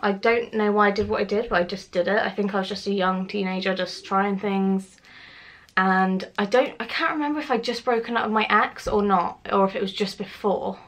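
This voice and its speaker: A woman's voice: mid-range voice, steady tone, a little fast. Chatty young woman telling a story. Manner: chatty, swears freely, acts out quotes. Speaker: vlogger. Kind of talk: casual storytime.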